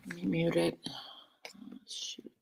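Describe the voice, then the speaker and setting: A woman's voice: fairly low pitch, completely flat delivery, slow, gravelly, a little mellow, in a whisper. A woman live streamer chatting casually, rambling and greeting viewers by name.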